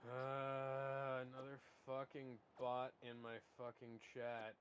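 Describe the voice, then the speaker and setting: A man's voice: mid-range voice, monotone, slow, slight background noise, poor audio. A man bantering on a game stream, cursing and joking in irritation. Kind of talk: casual banter.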